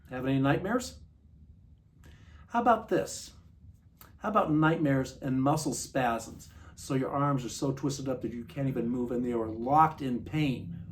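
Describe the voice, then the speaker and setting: A man in his sixties giving an earnest personal recovery testimony, confiding and slowing down for vivid details. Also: mid-range voice. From Montana. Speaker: recovery speaker. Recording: distant mic, faint room noise.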